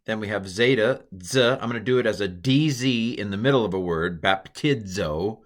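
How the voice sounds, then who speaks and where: A man's voice: on the low side, a little fast. A man in his fifties teaching the Greek alphabet in a recorded lesson, explaining each letter's sound plainly.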